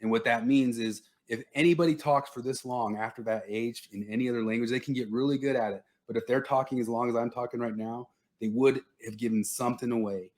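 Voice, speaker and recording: A man's voice: mid-range voice, steady tone, a little fast, hardly any pauses, darkish tone. A young man co-hosting a casual podcast chat, talking in a chatty way and lecturing at times. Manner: chatty, laughs often, lecturing aside. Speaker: podcast co-host.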